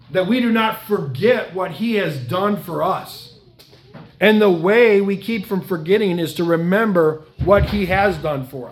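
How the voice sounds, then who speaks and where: A man's voice: high-pitched, echoey room. A man preaching a sermon, earnest and pleading, reading scripture aloud and dwelling on repeated phrases. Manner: earnest, pleading, reads scripture aloud in old-style wording.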